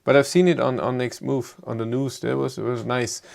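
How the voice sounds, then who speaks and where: German man with a gravelly voice. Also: mid-range voice, flat delivery, darkish tone. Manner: rambling, halting, frequent restarts. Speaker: YouTube car channel host. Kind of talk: live stream chat answering viewers.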